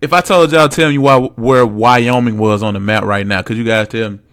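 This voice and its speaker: A man's voice: mid-range voice, fairly even intonation, moderate pace. Slangy young man ranting on a podcast. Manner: blunt, slangy and mocking, swings loud and soft. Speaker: podcast host. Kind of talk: casual solo sports podcast rant.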